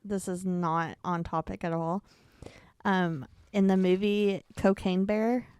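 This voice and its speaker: A woman co-hosting a podcast, chatting casually with blunt, quick reactions. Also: fairly low pitch, fairly even intonation, a little mellow, smooth, no room sound, studio quality. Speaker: podcast co-host. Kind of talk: casual chat.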